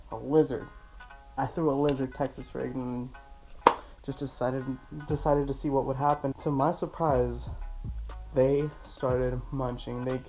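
A young man casually introducing his fishing video in a relaxed way, with a few restarts. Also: medium pitch, low-quality recording. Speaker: fishing vlogger. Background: trap beat music.

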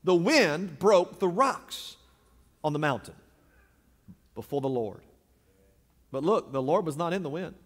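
High-voiced pastor preaching. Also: male voice, lively intonation, measured pace, long pauses. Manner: dramatic, swinging from loud declarations to hushed low lines. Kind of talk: sermon. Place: large church sanctuary. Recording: long reverb of a large sanctuary.

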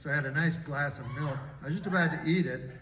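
A man in his fifties or sixties doing a live stand-up set in a casino, deadpan and halting, rambling with restarts. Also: on the high side, a crowd in the background. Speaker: stand-up comedian. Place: casino stage before a live audience. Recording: echoey room, distant, dull audience recording.

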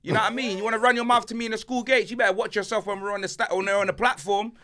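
A man's voice: high-pitched, very fast. A young man, chatting and ranting animatedly as a podcast co-host, heavy on slang. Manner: animated, loud, slang-heavy, swings between shouting and muttering. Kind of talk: casual banter.

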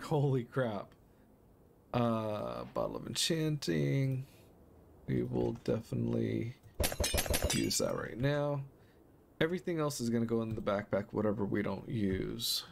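A man's voice: medium pitch, vocal fry, slight background noise. A young man commentating a game as he plays, easily startled, gasping and exclaiming often. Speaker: gaming YouTuber. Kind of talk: Minecraft let's play commentary. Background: game music.

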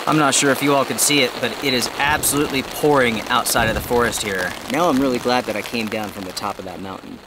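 A man's voice: medium pitch, fast, hardly any pauses. Man vlogging outdoors in heavy rain. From North Carolina. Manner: easygoing, chatty, addresses viewers directly. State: out of breath. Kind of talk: casual vlog narration to camera. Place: outdoors under a tarp in a rainy forest. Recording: outdoor camera mic with steady rain noise. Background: rain falling on a tarp.

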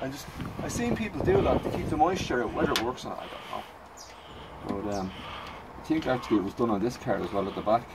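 Heavy background noise surrounds a man's mid-range voice as he gives a car repair how-to outside a house in the cold. He's a classic car hobbyist from North County Dublin, Ireland, with a Dublin accent, and he's chatty, rambling, self-deprecating and prone to sidetracks.

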